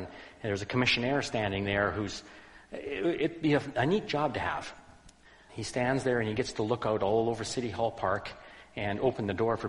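A man preaching a sermon as pastor, earnest and conversational, often dropping to a quiet emphasis. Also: lowish voice, in a large hall, rough recording. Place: church.

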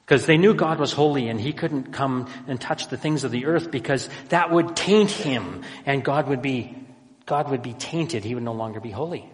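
A man preaching a sermon as pastor, emphatic, slowing down on key phrases and swinging between loud and hushed. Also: mid-range voice. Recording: long hall reverb.

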